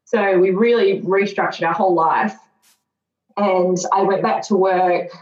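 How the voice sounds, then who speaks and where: A woman's voice: medium pitch, steady tone, unhurried, a little mellow. A woman in her thirties, a guest telling her own story candidly, reflective and earnest with flashes of self-mocking sarcasm. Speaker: podcast guest. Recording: dull, roomy lo-fi recording.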